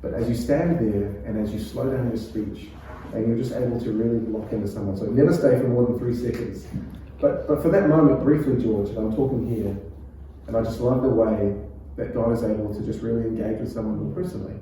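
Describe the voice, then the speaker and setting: A man with a New Zealand accent leads a preaching workshop in a calm, conversational voice with a mellow, dark tone. He sits well back from the mic, and the church hall around him is very echoey. A faint room hum sits underneath. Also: medium pitch, fairly quick, far from the mic. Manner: calm, conversational, laughs often. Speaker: pastor.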